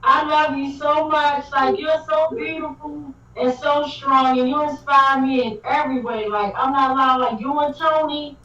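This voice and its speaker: A woman's voice: sits high, steady tone, a little slow, hardly any pauses, bright, forceful tone. A woman hosting a livestream in casual chat, effusive and repetitive, leaning on "like". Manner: effusive, repeats "like" and phrases. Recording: echoey, distant, dull call audio.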